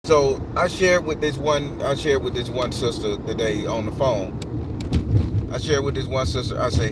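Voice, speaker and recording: A man's voice: mid-range voice, moderate pace. A man ranting casually to his viewers, rambling with repeated restarts and plenty of swearing. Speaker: spiritual tarot vlogger. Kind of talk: casual profane rant to viewers. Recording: outdoor street noise with cars.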